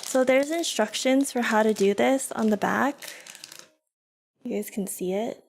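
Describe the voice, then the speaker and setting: A young woman with a slightly high voice chats with her stream at a slow, easy pace. She giggles often and talks to her viewers and her dogs in a casual, rambling way. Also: gravelly. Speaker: vtuber streamer. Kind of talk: casual livestream chat.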